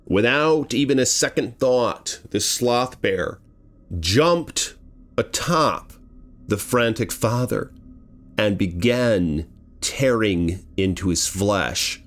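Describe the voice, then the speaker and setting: With shouts and sound words, a horror-channel host acts out his dramatic retelling of a genuine bear attack. His voice is on the low side, and he takes it slowly.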